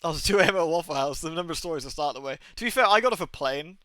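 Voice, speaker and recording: A man's voice: fairly high pitch, lively intonation, rapid-fire, sharp tone, smooth, no room sound. A British man in his thirties streaming a game, chatting casually and telling rambling stories with casual swearing. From Britain. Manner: rambling, anecdotal, swears freely. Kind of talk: casual gaming stream chat.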